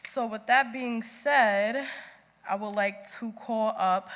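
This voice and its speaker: A woman's voice: fairly high pitch, takes it slowly, a bit bright. A woman hosting a youth gathering, giving casual announcements and introducing the next speaker. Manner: informal, friendly announcing. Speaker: event host. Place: large meeting hall. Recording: echoey hall.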